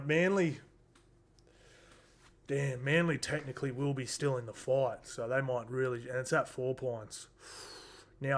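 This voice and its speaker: A man, rambling casually through a rugby league round recap with lots of fillers and asides. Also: medium pitch. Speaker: sports tipping vlogger.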